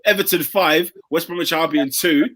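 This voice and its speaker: Young male podcast co-host, high bright voice, slangy and animated. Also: moderate pace. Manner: animated, slangy, laughs often. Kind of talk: casual football chat.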